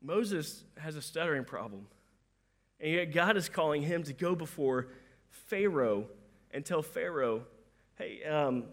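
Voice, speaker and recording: High-pitched male preacher, chatty and animated, acts out quotes, stumbles into his sentences. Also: unhurried. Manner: conversational, animated, acts out quoted voices, repeats words when starting sentences. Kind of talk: sermon.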